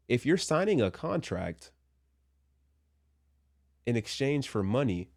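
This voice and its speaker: A man's voice: medium pitch, darkish tone. A man giving casual commentary from a Christian view, chatty with joking asides, and a little under the weather. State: a little sick. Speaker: commentary vlogger.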